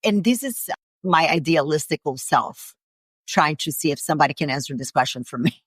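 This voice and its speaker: A woman hosts a fitness podcast and speaks in an earnest, candid way, now and then with a curse word. Her voice is notably low. The sound is dry and close to the mic. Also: lively intonation, moderate pace, a bit bright, slightly rough, no echo. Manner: earnest, candid, occasional swearing. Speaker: podcast host. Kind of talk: conversational interview.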